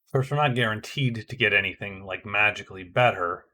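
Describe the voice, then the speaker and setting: A man's voice: fairly low pitch, a little fast, bright, forceful tone. A middle-aged man casually narrating his own board game turns, thinking aloud with frequent hesitations and restarts. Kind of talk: casual solo game commentary.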